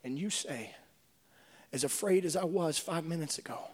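A male preacher delivering a sermon, swinging from hushed whispers to shouting. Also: on the high side, normal speed. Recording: long reverb of a large hall.

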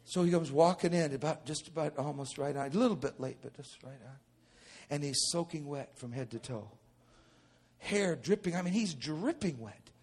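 A middle-aged male pastor telling a testimony in a sermon, moving from low storytelling into shouted preaching. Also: lively intonation, moderate pace, husky.

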